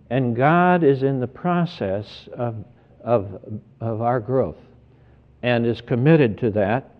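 A man preaching a sermon in an earnest, deliberate way, often repeating words as he stresses each point. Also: mid-range voice. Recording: tinny phone-like sermon recording.

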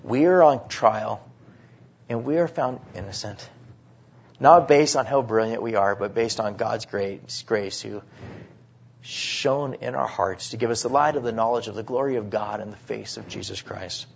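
A man preaching a sermon, swinging between hushed, drawn-out phrases and sudden emphatic bursts. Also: fairly low pitch, vocal fry, slightly rough. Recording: dull lo-fi sermon recording.

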